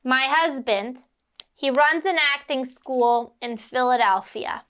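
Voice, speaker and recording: A woman voicing an older female talent agent with a gravelly smoker's rasp, curt and no-nonsense. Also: sits high, takes it slowly, a bit bright. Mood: brusque. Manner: curt, no-nonsense, clipped questions.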